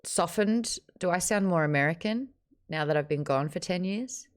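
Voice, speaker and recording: An Australian woman in her thirties hosting a live-streamed book club chat, joking and talking fast. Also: lowish voice. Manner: lively, fast-running, joking. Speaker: host.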